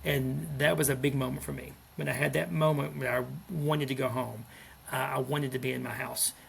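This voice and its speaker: A school principal in his fifties, appearing as a podcast guest, speaks gently, earnestly and reflectively in a deeply gravelly voice of ordinary middle pitch. He often restarts sentences, keeping fairly even intonation at a moderate pace, with a faint hiss underneath.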